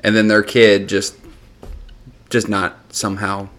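Blunt, low-voiced man chatting. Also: monotone, unhurried, fairly bright tone. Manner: blunt, swears freely. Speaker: podcast co-host. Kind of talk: casual chat.

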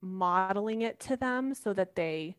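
A woman's voice: mid-range voice, animated, measured pace, clear, resonant tone. A woman in her thirties, a mother answering interview questions earnestly and animatedly, acting out everyday examples. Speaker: parenting guest expert.

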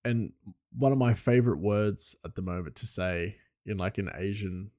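A man's voice: fairly low pitch, moderate pace, mellow. A man hosting a solo podcast in loose, rambling casual chat with frequent chuckles. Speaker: podcast host.

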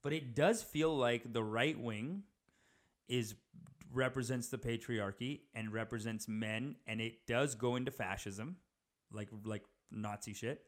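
A young man rambles through a casual comic monologue, animated and loose. His voice sits at an ordinary middle pitch, and he keeps dropping in filler words as he goes. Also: measured pace. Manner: rambling, animated, says dude a lot.

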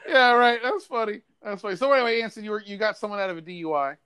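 A man's voice: high voice, animated, racing, pushed and bright, smooth, dry recording. A man hosting a podcast in casual, profane, joking chat. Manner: profane, joking, laughs often. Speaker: podcast host.

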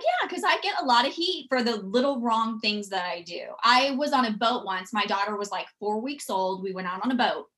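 A woman, telling stories as a podcast guest in a chatty, animated way. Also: medium pitch. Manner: chatty, animated, quotes people in acted voices. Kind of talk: casual storytelling.

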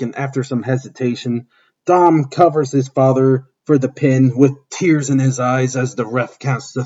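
Husky man reading a wrestling story. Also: medium pitch, a little mellow. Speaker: narrator. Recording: dull lo-fi recording.

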